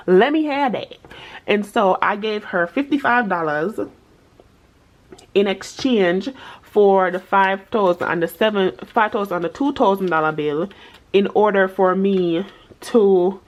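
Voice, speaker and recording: A woman's voice: medium pitch, highs cut off. A woman with a Jamaican accent chatting casually to camera as a budgeting vlogger, slipping patois into her talk.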